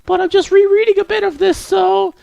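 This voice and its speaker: A man voicing a shy, bookish teenage girl in a high falsetto, hesitant and apologetic, in a visual novel read-aloud. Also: little pitch movement, a little fast, vocal fry, darkish tone, no echo, full character voice. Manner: hesitant, stammering, rambles then apologizes.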